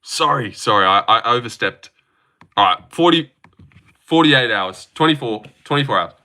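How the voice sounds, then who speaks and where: Bright-voiced, foul-mouthed male streamer. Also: mid-range voice, expressive, normal speed. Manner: profane, heated rants at chatters; reads chat comments aloud and answers them. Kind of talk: live reaction stream, reading out chat.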